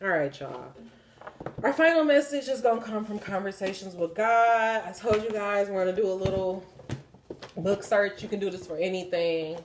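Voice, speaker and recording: A woman's voice: mid-range voice, moderate pace, slight background noise. A woman, giving a spiritual card reading in an emphatic, preachy way with lots of swearing. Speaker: tarot reader.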